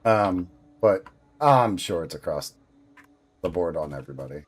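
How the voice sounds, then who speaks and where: A man's voice: deep voice, lively intonation, normal speed. A man casually chatting and rambling while livestreaming a video game, laughing now and then. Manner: rambling, easygoing, laughs often. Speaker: game streamer.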